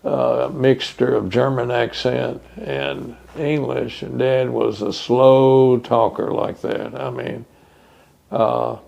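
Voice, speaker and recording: Older man, gravelly low rasp, mid pitch, oral history interviewee. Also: flat delivery, darkish tone, muffled recording. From Texas. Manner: reminiscing, unhurried with many fillers.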